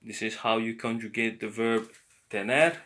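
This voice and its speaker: A man giving a slow, patient beginner language lesson, explaining words one by one. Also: fairly low pitch, steady tone, sharp tone. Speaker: language teacher.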